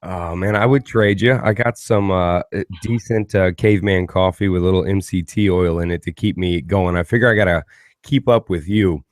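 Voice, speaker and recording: A male podcast host with a low voice talks in a loose, rambling, caffeinated way and pokes fun at himself. The recording is close and dry, with no room sound. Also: normal speed, dry recording. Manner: rambling, self-mocking, caffeinated. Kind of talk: casual podcast intro and chat.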